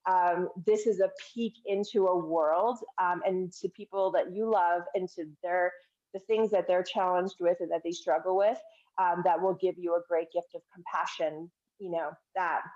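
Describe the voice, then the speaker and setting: A woman's voice: fairly low pitch, fairly even intonation, moderate pace, darkish tone, lo-fi sound. A woman filmmaker talking on a video call, telling stories in an earnest, chatty way with plenty of fillers. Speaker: filmmaker guest. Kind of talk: casual interview chat.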